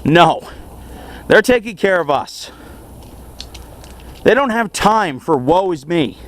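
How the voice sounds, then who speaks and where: A young man in a casual self-help vlog monologue, earnest and animated, chuckling often as he talks. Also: sits high, takes it slowly, slight background noise. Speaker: vlogger.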